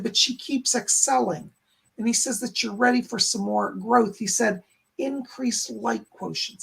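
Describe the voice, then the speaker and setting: A man giving live-stream psychic readings, relaying what spirit guides say with a steady run of "he said" and "she said," and thanking viewers between readings. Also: sits high, vocal fry, husky. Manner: thanks viewers warmly and reads their chat aloud. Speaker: psychic medium.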